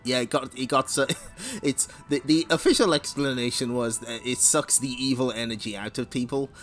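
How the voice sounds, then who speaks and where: A man reads comics aloud on a relaxed stream, laughing a lot and tossing in wry asides. His voice is medium-pitched and fairly bright, at a normal pace, with soft music playing behind him.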